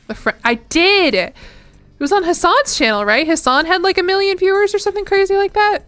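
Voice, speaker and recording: A woman's voice: extremely high pitch, brisk, fairly bright tone, dry recording, faint music behind. A young woman streamer chatting casually while gaming, rambling and self-deprecating.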